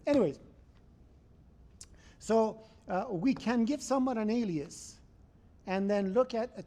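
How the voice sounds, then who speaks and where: A man with a high, mellow voice teaches a programming class, lecturing in a conversational way and regularly making sure students follow along.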